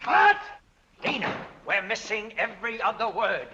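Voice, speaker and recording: Brief: bossy director, high-ish sharp calls, loud hiss over dull old audio. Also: male voice, sing-song, unhurried. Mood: commanding. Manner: barking orders. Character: brusque male film director on set. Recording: noisy lo-fi film clip.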